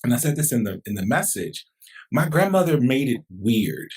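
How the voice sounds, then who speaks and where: A man's voice: mid-range voice, sing-song, moderate pace, a little mellow, slightly rough. A man, a pastor hosting a podcast, talking in a reflective, conversational way. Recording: distant mic, roomy.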